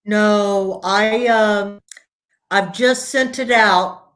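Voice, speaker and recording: A woman's voice: medium pitch, fairly even intonation, extremely slow. Woman author telling family stories. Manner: warm storytelling with restarts. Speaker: author, guest. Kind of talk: casual interview conversation. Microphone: video call.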